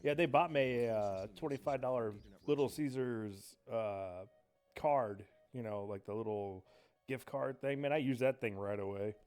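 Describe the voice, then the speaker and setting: He has a smooth, medium-pitched voice and a measured pace, yet his talk while streaming a game is rambling, excitable, and full of swearing. Game music can be faintly heard behind him.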